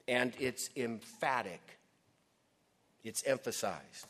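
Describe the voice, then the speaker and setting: Slow, emphatic preaching man. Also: medium pitch. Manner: emphatic, dramatic pauses, drops to a hush. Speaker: pastor. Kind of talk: sermon.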